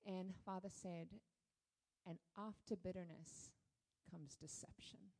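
A woman sharing a candid personal testimony in church, animated and full of fillers. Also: on the low side, slow pace, low-quality recording. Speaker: guest speaker sharing testimony.

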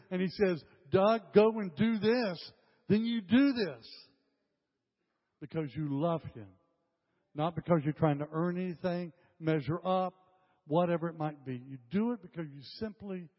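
An older male pastor preaches with emphasis, his somewhat high voice hammering phrases home again and again. The sound is dull and lo-fi, carrying a long reverb off a church hall. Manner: emphatic, repeats phrases, addresses the congregation directly. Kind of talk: sermon.

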